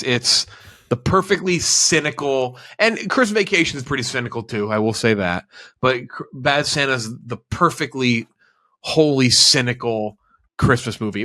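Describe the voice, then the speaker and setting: Bright, rambling male podcast co-host, casual chat. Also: medium pitch. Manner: rambling, self-correcting, laughs often.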